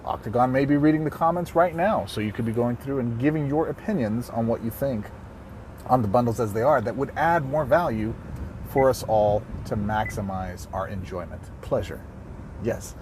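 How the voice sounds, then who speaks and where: A man's voice: medium pitch, moderate pace, a little mellow, a little hiss or hum. A man hosting a playful video review of a mobile card game, full of jokey, self-mocking asides.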